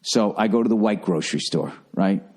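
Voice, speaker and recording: A man's voice: lowish voice, fairly quick, a little mellow. Profane, rambling middle-aged man. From America. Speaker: podcast host. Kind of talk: casual comedic storytelling.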